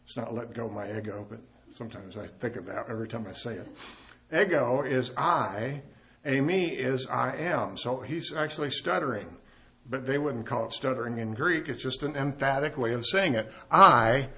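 A man's voice: mid-range voice, normal speed, fairly bright tone, husky. A man preaching a sermon as pastor, emphatic, rising and swelling on key points.

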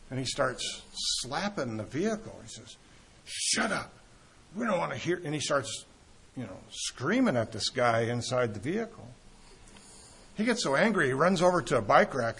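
A man preaching a sermon in an earnest, emphatic way, pausing often and restarting phrases. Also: a little high, creaky, fairly bright tone, husky.

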